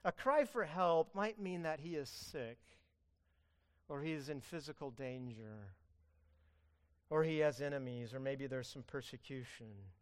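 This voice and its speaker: A man preaching a sermon as pastor, earnest, swinging between loud pleading and hushed emphasis. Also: medium pitch, a little slow.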